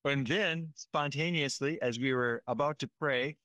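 A man with a medium-pitched voice speaks at a measured pace, his tone sharp and the recording dry. He's a disaster relief worker giving a conversational field report, earnest and emotional, often checking in with "right?".

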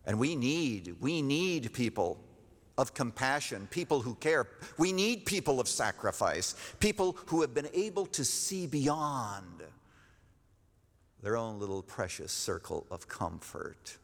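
A man preaching a sermon as pastor, emphatic, repeating his key phrases and rising in pitch to stress a point. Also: sing-song, a little slow. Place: church sanctuary. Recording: long reverb of a church hall.

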